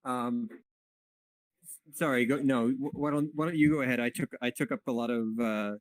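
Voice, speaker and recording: A man's voice: medium pitch, fairly even intonation, normal speed, dry recording, poor audio. Hesitant man playing a spellcaster. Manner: hesitant, polite, stop-start. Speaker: player. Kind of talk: casual tabletop play.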